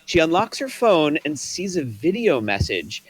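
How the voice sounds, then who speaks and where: A man's voice: a little high, very animated, unhurried, breathy edge. A man narrating stage directions in a script table read.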